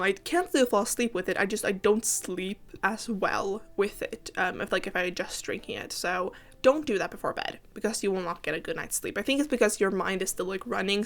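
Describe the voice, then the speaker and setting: A woman's voice: medium pitch, a bit bright. A tired, sick teenage girl from Finland, rambling and giggling through a casual game voiceover and apologizing often. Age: late teens. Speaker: gaming YouTuber.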